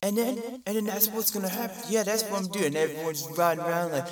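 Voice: fairly even intonation, quick pace, hardly any pauses. A stand-up comedian telling freestyle stories in a rambling, profane, conversational way, often jumping into voices of other people. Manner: acts out quoted voices with big pitch jumps. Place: live stage before an audience. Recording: distant mic with clear crowd noise.

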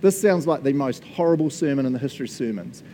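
Animated, playful male preacher. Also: mid-range voice, fast, a little hiss or hum. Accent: New Zealand. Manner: animated, playful, laughs often, shouts for joy. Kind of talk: lively sermon.

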